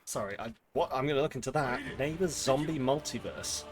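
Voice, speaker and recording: A man's voice: medium pitch, a little fast. A man chatting casually with viewers while streaming a game, rambling and swearing freely. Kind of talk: casual live-stream chat while gaming. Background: game music.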